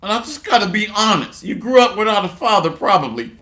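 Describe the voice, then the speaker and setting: A very animated, fast-talking man preaches a sarcastic sermon, returning to the same refrains over and over. He veers from low muttering to loud bursts, reads scripture aloud, and the recording is reverberant.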